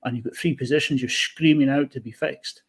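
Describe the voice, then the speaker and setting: A man chatting football on a podcast in a blunt, opinionated way. He talks with animated swings and firm views. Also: medium pitch, brisk, husky. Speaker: podcast co-host. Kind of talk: casual football chat.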